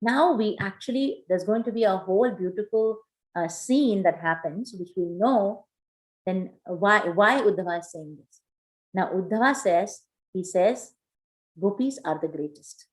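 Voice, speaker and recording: Woman devotional teacher, mid-pitched, animated storytelling, loose and chatty. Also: measured pace, low-quality recording. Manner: animated storytelling with many fillers. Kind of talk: storytelling scripture class.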